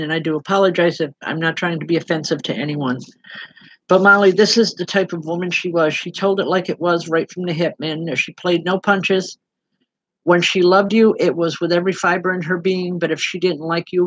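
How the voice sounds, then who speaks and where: A woman's voice: on the low side, fairly bright tone, no echo, rough recording. A woman working as a medium, giving spirit readings online and speaking directly to people by name in an earnest, plain-spoken way.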